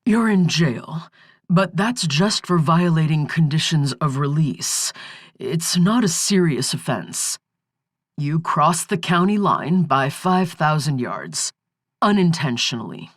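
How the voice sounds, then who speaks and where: A steady defense lawyer, voiced by a woman narrator, who speaks in a soothing, measured way. The audiobook delivery is unhurried and sits fairly low. The sound is dry and close-miked. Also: breathy edge, no room sound. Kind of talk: audiobook character voice.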